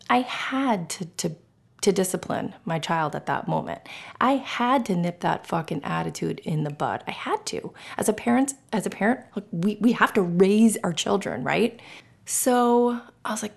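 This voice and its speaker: A woman's voice: on the low side, moderate pace, gravelly. A middle-aged woman hosting a personal podcast, talking candidly and emotionally, swearing freely and acting out scenes. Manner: animated, acts out scenes in whispers and voices. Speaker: podcast host.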